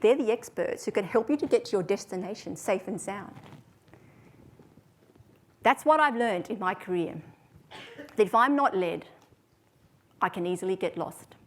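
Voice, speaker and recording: A woman delivers a prepared talk to an audience. She tells her story in a measured, even way, at a middle pitch. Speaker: speaker.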